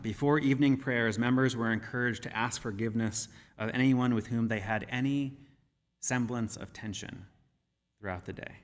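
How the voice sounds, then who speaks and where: Male minister, mid-pitched, measured sermon delivery, recorded in a reverberant sanctuary. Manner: measured, gentle storytelling. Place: church sanctuary. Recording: reverberant church hall.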